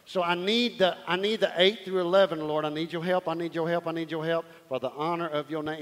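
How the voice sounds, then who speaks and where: A man preaching a sermon as pastor, calling out to the congregation and swinging from loud to hushed. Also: a little high, steady tone, fairly quick, few pauses, in a large hall.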